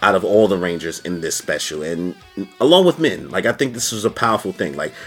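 Animated slangy man with a lively voice. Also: fairly quick, breathy edge, soft background music. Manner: animated, slangy, jumps into high-pitched quoted voices. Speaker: YouTube reviewer. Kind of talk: casual video review.

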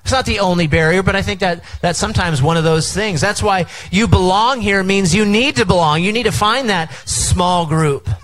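A man's voice: high-pitched, normal speed, few pauses, fairly bright tone, poor audio. A middle-aged man preaching a sermon as pastor, engaging the crowd with call-and-response at an outdoor tent service.

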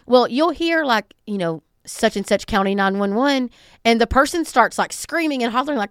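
A woman's voice: a little high, expressive, moderate pace, fairly bright tone, smooth, no echo, clean studio sound. A middle-aged woman from the States, hosting a solo podcast in a conversational, emphatic way. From Southern United States. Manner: conversational, emphatic, acts out callers. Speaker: podcast host.

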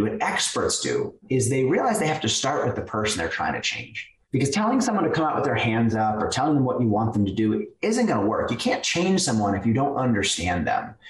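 A man being interviewed, explaining ideas and telling stories in a lively, conversational way. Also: mid-range voice, a little hiss or hum. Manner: animated, lively storyteller who acts out quotes. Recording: roomy sound, somewhat far from the mic.

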